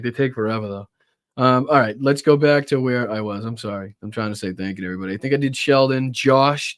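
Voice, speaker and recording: A man hosting a political livestream, talking casually and rambling with lots of swearing and quick apologies. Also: medium pitch, no echo, clean studio sound. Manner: profane, rambling, apologetic asides. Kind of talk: casual live commentary.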